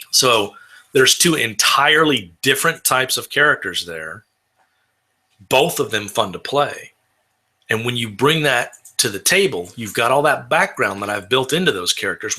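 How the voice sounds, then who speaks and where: A man's voice: mid-range voice, sharp tone. A man from Texas talking casually about building roleplaying characters, rambling with frequent restarts. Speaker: tabletop roleplayer.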